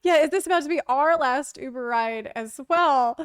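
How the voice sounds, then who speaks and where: A woman streamer telling a story casually on a stream into a close mic, animated, laughing often and acting out the quotes. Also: sits high, moderate pace, dry recording.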